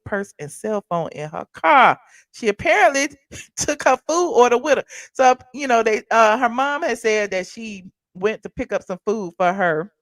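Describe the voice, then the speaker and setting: A woman's voice: medium pitch, no room sound, studio quality. A woman hosting a casual commentary show, chatting loosely and reacting to viewers and a video as she talks. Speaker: host of a pop culture commentary channel.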